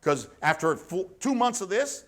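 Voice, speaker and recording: Animated man coaching trainers. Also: high voice, normal speed. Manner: animated, blunt, acts out dialogues. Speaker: fitness educator. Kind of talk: lively business coaching talk.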